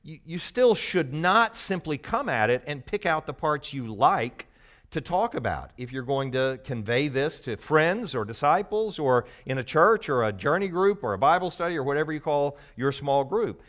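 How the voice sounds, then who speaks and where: A man's voice: on the high side, expressive, normal speed, fairly bright tone. A man giving a conversational, explanatory Bible teaching to a live group, teasing the audience now and then.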